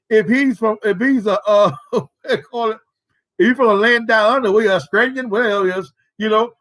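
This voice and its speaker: A man's voice: sits high, a little fast, fairly bright tone. A man preaches at a prayer service. He talks in an emphatic, colloquial way and keeps firing rhetorical questions at his listeners. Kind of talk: sermon.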